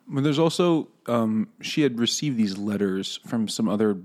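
A man's voice: on the low side, animated, moderate pace, darkish tone. A man co-hosting a casual book podcast, mocking the characters with sarcastic quoted voices. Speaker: podcast co-host. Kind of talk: casual book-club chat.

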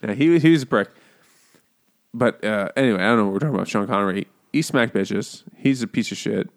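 A man's voice: lowish voice, fast. A man co-hosting a casual podcast, rambling and laughing as he trades jokes and does silly impressions. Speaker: podcast co-host. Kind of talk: casual chat, joking banter.

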